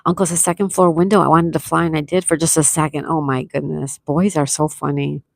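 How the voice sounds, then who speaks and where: Woman, livestream host, effusive, reads chat aloud, lowish voice, dry close sound. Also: level tone, a little fast, creaky, dry recording. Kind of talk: casual livestream chat reading comments. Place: at home with a view, morning tea.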